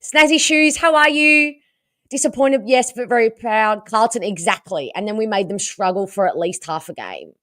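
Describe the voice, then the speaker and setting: An Australian woman hosting a casual livestream, hoarse from losing her voice and chatting with viewers about the game. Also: a little high, moderate pace, no echo, studio quality. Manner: chatty and animated, reading out viewer comments. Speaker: livestream host.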